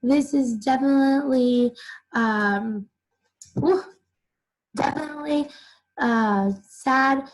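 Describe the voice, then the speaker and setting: A young woman teacher with a high voice explains a children's novel chapter to her students in simple terms, saying "like" a lot. She goes slowly and pauses often in this recorded reading lesson for children, and the audio quality is poor.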